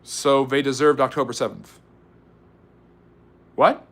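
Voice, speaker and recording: An American man hosting a live history stream, reading out viewer comments and answering them in a quick, chatty, teasing way with frequent fillers. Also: mid-range voice, fairly even intonation, fairly bright tone. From United States. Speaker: history channel livestream host.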